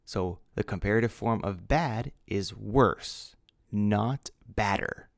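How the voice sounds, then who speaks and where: An English teacher with a gravelly, low voice gives a grammar lesson slowly and deliberately. He spells out words letter by letter and patiently explains each rule. The recording is dry and close.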